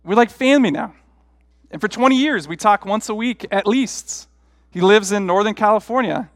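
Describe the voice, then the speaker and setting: A man's voice: high-pitched, moderate pace, a bit bright, no echo, clean studio sound, long reverb tail. A middle-aged man, a pastor, preaching a sermon through rambling, self-deprecating personal stories in a conversational way.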